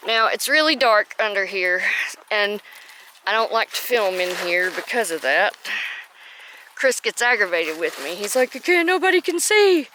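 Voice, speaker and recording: A woman's voice: medium pitch, unhurried, sharp tone, slight background noise. A woman homestead vlogger chatting casually through her chores outdoors, often breaking off to coo at her chickens by name. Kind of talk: casual chat while doing farm chores. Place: outdoors at chicken and rabbit pens.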